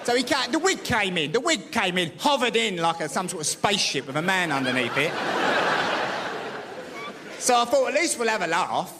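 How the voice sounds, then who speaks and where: A man's voice: high voice, sing-song, moderate pace, long pauses, heavy background noise. A man telling a stand-up story on stage in a mocking, playful way. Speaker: stand-up comedian. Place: comedy club stage. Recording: live gig with loud crowd laughter.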